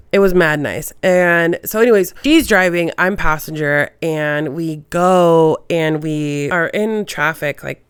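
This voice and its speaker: A woman's voice: low-pitched, clear, resonant tone, no echo. Young female host, casual and profane storyteller; dry, close sound. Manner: swears freely, animated retelling with quoted voices. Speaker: podcast host.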